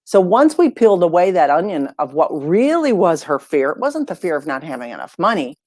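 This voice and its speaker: A woman, a life coach and podcast guest, tells stories in a relaxed, conversational way and acts out the lines of the people in them. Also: on the low side, brisk, dry recording, clean studio sound. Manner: lively storyteller who acts out dialogue. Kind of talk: casual podcast storytelling.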